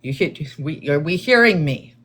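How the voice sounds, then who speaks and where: A woman hosting a livestream answers her chat slowly and deliberately, with a calm, measured, therapist-like way of explaining things that she says viewers take as condescending. Her voice is deep and slightly rough.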